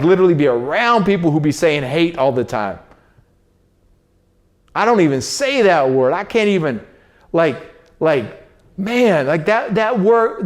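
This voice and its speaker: A man's voice: high voice, darkish tone. Preachy man giving a casual monologue. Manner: preachy, repetitive, street slang. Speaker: host.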